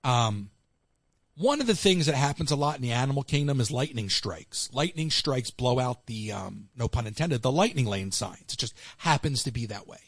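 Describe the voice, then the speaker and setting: An American man hosts a call-in show, telling stories in casual chat and animatedly acting out what other people said. His voice is medium-pitched at a moderate pace, with no room sound.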